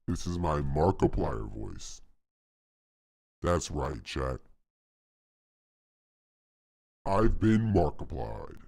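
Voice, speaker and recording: An extremely low, gravelly and husky voice brags about itself as a smug male game developer, a streamer putting on the impression. The pitch swings widely while the tone stays boastful and self-satisfied, in a mock impression on a live stream. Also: darkish tone, exaggerated voice. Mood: playful. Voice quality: exaggerated deep gravelly impression voice.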